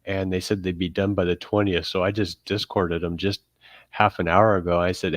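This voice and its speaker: Deep-voiced podcast man, easygoing and chuckling, dry close sound. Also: little pitch movement, normal speed, no room sound. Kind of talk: casual chat.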